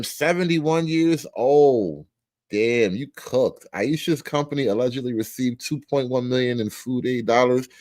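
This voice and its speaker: A man hosting a comedy commentary show, profane and mocking, stretching out names slowly. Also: mid-range voice.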